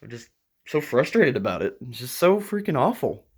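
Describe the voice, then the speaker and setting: A man talking to camera in a frustrated, agitated rant, breaking into nervous laughs, his voice jumping higher when worked up. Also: big pitch swings, normal speed, slightly rough. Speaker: YouTuber.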